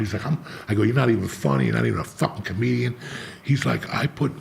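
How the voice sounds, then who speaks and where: A man's voice: medium pitch, fast talker, gravelly, slight background noise. A middle-aged man telling a blunt, profanity-heavy personal story in casual chat as a podcast host.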